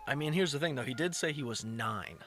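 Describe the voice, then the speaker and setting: A man's voice: medium pitch, lively intonation, brisk, very noisy. A man giving casual, blunt commentary on a clip, lecturing and swearing now and then. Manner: lecturing, blunt, profane asides.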